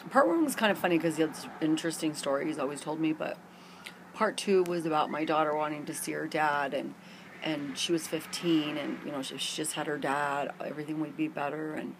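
A woman's voice: sits low, fairly even intonation, brisk, slight background noise. A middle-aged woman telling a long personal story to camera in a rambling, candid way with many fillers, recorded outdoors in a garden. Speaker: vlogger.

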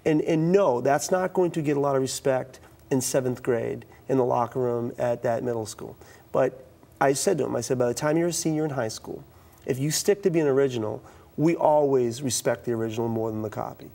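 Gravelly middle-aged man telling stories. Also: mid-range voice, fairly quick. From East Coast of the US. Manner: animated, acts out quoted dialogue, frequent restarts. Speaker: youth speaker. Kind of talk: storytelling in a talk-show interview.

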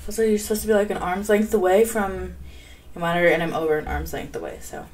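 A woman's voice: fast, darkish tone, a little hiss or hum. Giddy young woman streaming a reaction. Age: young adult. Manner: giddy, bubbly, breaks into high squeals. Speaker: gaming streamer. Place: bedroom. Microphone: desk mic, close.

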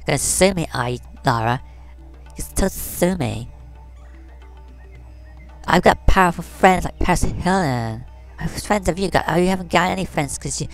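A woman's voice: low voice, gravelly, heavily acted. A woman voicing a vain, catty fashion doll who talks in valley-girl slang and brags while commenting on a game. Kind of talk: comedic game commentary in character.

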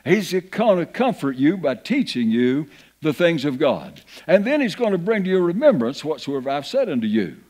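A man's voice: fairly high pitch, big pitch swings, normal speed, darkish tone. A man over fifty preaching a sermon in a church, reading scripture aloud with folksy asides. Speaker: pastor. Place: church sanctuary.

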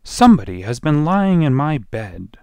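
A man voicing a middle-sized bear in an even, middle voice for a storybook reading. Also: a little high, moderate pace, clean tone, no echo, clean studio sound, voice pushed up. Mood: indignant. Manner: plain middle voice.

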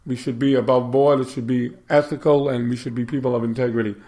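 A man hosting a Bible commentary, preaching moral lessons and reading scripture aloud, measured and repeating words for emphasis. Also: mid-range voice, little pitch movement, mellow. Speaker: host of a Bible commentary show.

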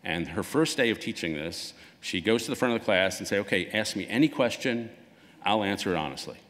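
Man giving a talk, very low voice, long reverb of a big hall, conversational, acts out dialogue. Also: fairly quick. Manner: conversational, acts out quoted dialogue with lively swings. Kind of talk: public lecture.

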